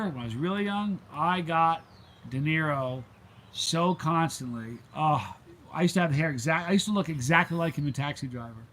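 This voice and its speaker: A middle-aged man hosts his channel's live stream, reading the live chat and chatting casually with viewers. His medium-pitched voice is a bit bright, with slight background noise, and he's an easily sidetracked storyteller who drifts into rambling tales.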